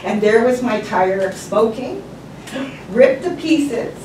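A woman sharing a testimony in a casual, animated way, laughing often as she tells her story in a church setting. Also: a little high, slow. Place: church hall. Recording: echoey room, far mic, background noise.

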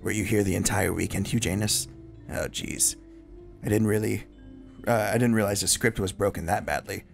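An eerie, self-aware teenage girl club president, as a man reads her lines aloud, speaking in a soft, low, creepy hush. The voice sits lower than usual with a gravelly edge, and faint game music plays underneath. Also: steady tone, normal speed. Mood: sweetly apologetic. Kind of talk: reading game dialogue aloud.

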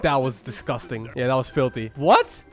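A man hosting a reaction video, talking casually and excitedly, firing off quick exclamations and calling everyone "bro". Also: mid-range voice, soft background music.

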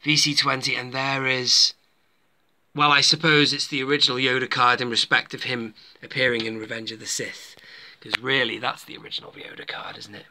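Male collector-reviewer, bright forceful tone, loose rambling chat to viewers. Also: mid-range voice, little pitch movement, a little fast. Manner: rambling, chatty, addresses viewers as folks. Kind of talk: casual toy review.

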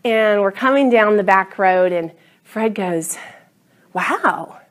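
A woman's voice: medium pitch, unhurried. A middle-aged woman teaching a class Bible study, earnest and enthusiastic, often drawing her words out.

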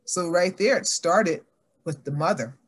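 Speaking unhurriedly in a lowish voice with a breathy edge, an older female guest athlete earnestly recounts her life. Her telling is animated, and she imitates the voices of her relatives.

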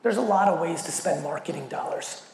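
Animated, gravelly man speaking in an echoey hall. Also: fairly high pitch, a little fast. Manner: animated, profane, acts out quoted dialogue. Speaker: keynote speaker. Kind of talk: storytelling keynote talk. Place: large event hall. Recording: echoey hall with faint noise.

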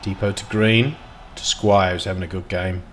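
A man giving casual, excitable commentary while playing a football management game, dropping to mutters and jumping to loud outbursts. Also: sits low, moderate pace, slight background noise. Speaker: gaming video host.

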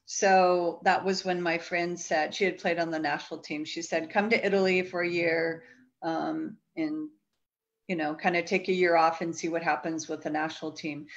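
A woman's voice: low-pitched, little pitch movement, moderate pace, lo-fi sound. A woman in her fifties, a volleyball coach, chatting reflectively as an interview guest with frequent fillers, heard over a video call. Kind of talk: casual interview talk.

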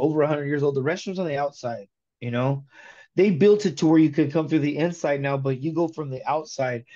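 A man tells his conversion story with animated, slangy energy and keeps it in the present tense. His voice sits fairly high, and the sound is dull and lo-fi. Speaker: guest giving a conversion testimony. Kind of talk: emotional testimony in casual chat.

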